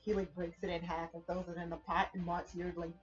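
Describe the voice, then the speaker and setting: A woman's voice: fairly low pitch, little pitch movement, brisk, crowd noise. A woman hosting a casual chat stream, chatty and freely swearing. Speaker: streamer host. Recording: dull lo-fi stream audio with faint music.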